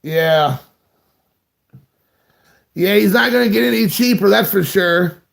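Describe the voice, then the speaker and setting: A man's voice: high voice, takes it slowly, creaky. A man hosting a live stream, chatting casually and rambling while greeting viewers by name.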